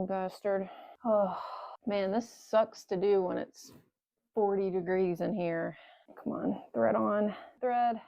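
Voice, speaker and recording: A woman's voice: medium pitch, slow, vocal fry, a little mellow, no echo. A woman talking to the camera while she works on a motorcycle in a cold garage. Her hands are cold, and she mutters, curses and jokes sarcastically to herself. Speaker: motorcycle vlogger. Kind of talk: casual talk-to-camera while working.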